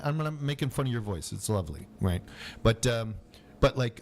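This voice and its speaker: Man, heated ranting, lots of swearing, animated rising and falling pitch, casual live-stream chat. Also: moderate pace. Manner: profane, ranting, mocking voices.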